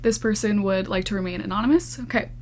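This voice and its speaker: A woman's voice: medium pitch, fast, a little mellow. A young woman vlogger reading out viewer confessions in a casual, giggly chat, often breaking into laughter and mock horror.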